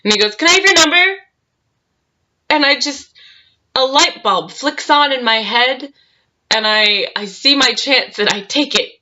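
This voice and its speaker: Bright-voiced woman telling a story. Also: a little high, unhurried. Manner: chatty, frequent laughs and fillers. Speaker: cosplayer telling a convention story. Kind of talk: casual storytime vlog. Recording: dull lo-fi sound.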